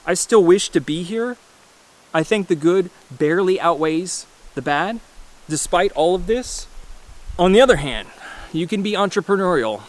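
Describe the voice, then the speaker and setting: A man in his mid-thirties delivers a loose, rambling monologue to his viewers. He is blunt and swears freely, often restarting his sentences as he talks. His voice sits slightly high for a man. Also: expressive, normal speed. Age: 30s. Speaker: vlogger. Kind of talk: casual ranting monologue.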